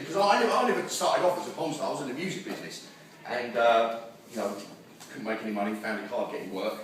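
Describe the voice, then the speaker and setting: Crude older male stand-up comic. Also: high-pitched. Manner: crude, boisterous, self-mocking banter with the crowd. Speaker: stand-up comedian headliner. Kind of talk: stand-up comedy set. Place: comedy club stage. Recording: echoey club from far off with loud crowd. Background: audience laughing.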